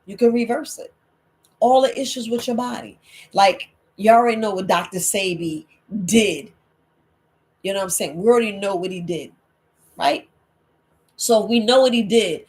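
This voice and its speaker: Woman herbalist host, emphatic and preachy, hammers points home, mid pitch. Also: normal speed, long pauses, darkish tone. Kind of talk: late-night Q&A livestream talk.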